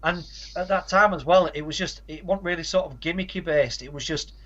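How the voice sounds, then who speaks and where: A man with a somewhat high voice co-hosts a casual podcast chat, rattling off facts and titles and slipping in dry asides. The audio is dull and lo-fi. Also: brisk, crowd noise. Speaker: podcast co-host.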